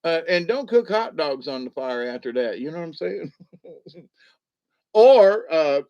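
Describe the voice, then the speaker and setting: A man's voice: on the high side, big pitch swings, normal speed, no echo, dull audio. A middle-aged man chatting casually on a livestream, joking, giggling often and slipping into funny voices. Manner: giggly, jokey, drops into put-on voices. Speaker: livestream host and puppeteer. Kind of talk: rambling casual livestream chat.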